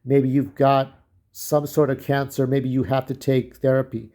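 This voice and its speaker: A man's voice: medium pitch, level tone, a little slow, warm tone. A young man delivering an angry, profane personal rant to camera, often repeating himself and restarting sentences. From United States. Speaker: vlogger.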